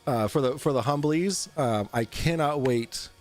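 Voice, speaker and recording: A man's voice: medium pitch, a little slow, soft background music. Rambling, profane male stream host. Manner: rambling and profane, answers chat. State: drinking on air. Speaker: livestream talk show host. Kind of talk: casual livestream chat.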